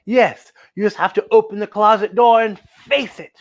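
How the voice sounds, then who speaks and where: A woman voicing a calm, reassuring male school librarian in a storybook. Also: medium pitch, moderate pace, dull audio, lightly acted.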